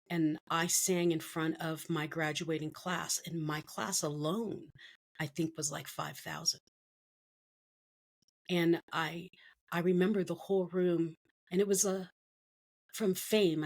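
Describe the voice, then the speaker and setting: Animated woman telling her story. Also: lowish voice. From Philippines. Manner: animated storyteller acting out quoted voices. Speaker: guest. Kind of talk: storytelling in an interview.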